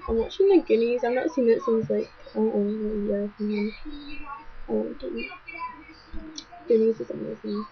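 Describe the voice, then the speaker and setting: A young woman with a Scottish accent, rambling through chatty webcam shout-outs to followers at home, talking fast. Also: fairly high pitch, vocal fry, crowd noise. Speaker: vlogger. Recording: dull lo-fi webcam audio.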